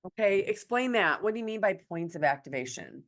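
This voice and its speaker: A woman's voice: medium pitch, lively intonation, a little fast. A woman hosting an interview, agreeing with her guest and asking follow-up questions. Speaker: podcast host, interviewer. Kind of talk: interview conversation.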